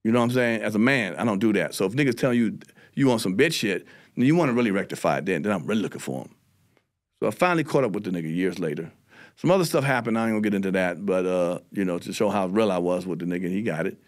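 Fast-talking profane male comedian. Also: on the low side. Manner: profane, animated storytelling with voiced quotes. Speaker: comedian guest. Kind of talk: casual storytelling on a podcast.

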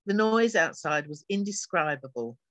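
An author reads a passage of her own science fiction aloud, shifting her voice a little for each character. The sound is bright and forward. The recording is dry and close, with no room echo. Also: medium pitch, lively intonation, moderate pace. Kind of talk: reading a novel extract aloud.

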